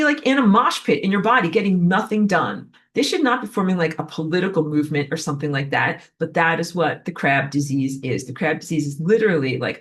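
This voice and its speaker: A woman giving a casual spoken lecture, talking in a chatty way with lots of "like" and fillers. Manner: animated, acts out quoted voices with jumps in pitch; chatty, heavy use of "like" and fillers. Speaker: online lecturer.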